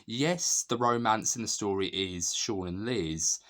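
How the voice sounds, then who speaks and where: A man with a very low, deep voice talks through a film he loves in a relaxed, unscripted way. He gets enthusiastic and laughs as he recounts his favourite scenes. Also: unhurried. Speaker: film reviewer. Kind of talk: casual film analysis.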